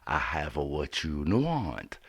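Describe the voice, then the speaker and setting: Guy doing a loud slick mad hatter pawn-shop hustler, drawls his pitch, dry studio sound. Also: huge pitch swings, slow, no echo, heavily acted. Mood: pushy salesman. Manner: smooth-talking salesman pitch, drawn out. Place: recording studio.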